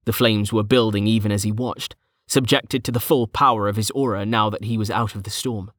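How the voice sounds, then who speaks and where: A man's voice: fairly low pitch, dry recording. Man narrating a fantasy audiobook, dry sound. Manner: steady, measured storytelling.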